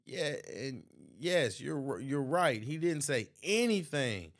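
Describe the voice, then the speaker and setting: A man's voice: medium pitch, big pitch swings, takes it slowly. A man hosting his channel, giving casual reaction commentary and laughing often between remarks. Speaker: channel host.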